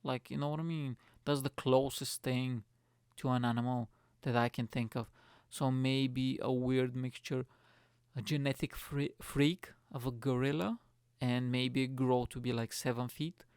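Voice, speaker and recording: Gravelly, sweary young podcast host. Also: male voice, medium pitch, fairly even intonation, measured pace, a little mellow, dry recording, clean studio sound. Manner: sweary, rambling, self-mocking. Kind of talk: casual solo rant.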